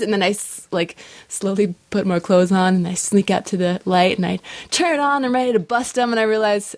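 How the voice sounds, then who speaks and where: A young adult woman co-hosting a podcast, telling a story in casual chat, animated and laughing often. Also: medium pitch, a little fast, hardly any pauses, dry recording. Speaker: podcast co-host.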